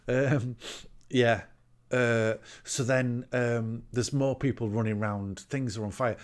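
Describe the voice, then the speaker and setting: A man's voice: medium pitch, fairly even intonation. A man chatting casually as a podcast co-host, retelling a film plot with swearing and laughter. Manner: sweary, laughing, acts out characters in quick voices. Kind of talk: casual chat.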